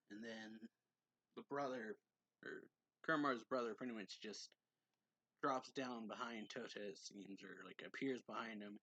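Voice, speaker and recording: A man's voice: on the low side, moderate pace, sharp tone, no echo. A man giving a casual, rambling recap of a manga chapter as a reviewer, full of fillers, reading the characters' lines in his normal voice. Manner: rambling, filler-heavy retelling; reads character quotes aloud in his normal voice.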